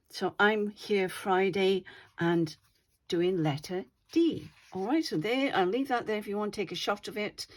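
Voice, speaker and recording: Chatty woman showing crafts. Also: mid-range voice. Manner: chatty, often checks in with "all right?". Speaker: craft channel host. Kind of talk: casual craft demonstration.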